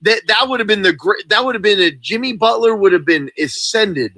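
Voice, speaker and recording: A young man on a sports debate panel, arguing quickly and with animation. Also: high-pitched, animated, bright, forceful tone, no echo.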